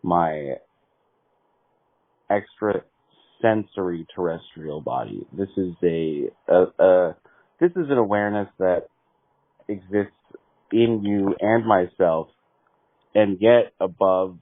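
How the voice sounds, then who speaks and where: A man making a prank phone call, talking slowly in a mystical, deadpan way that breaks into angry swearing. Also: deep voice, dry recording. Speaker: prank caller. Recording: tinny phone line.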